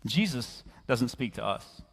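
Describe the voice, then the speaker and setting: A man preaching a sermon in a church, animated and conversational as he tells a story. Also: mid-range voice, measured pace, creaky, breathy edge. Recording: reverberant church hall.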